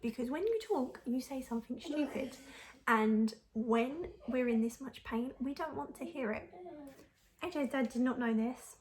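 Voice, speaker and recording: A woman's voice: sits high, normal speed, darkish tone. A young woman telling a personal story to camera in a frank, chatty way, laughing often and using lots of fillers. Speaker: mum vlogger.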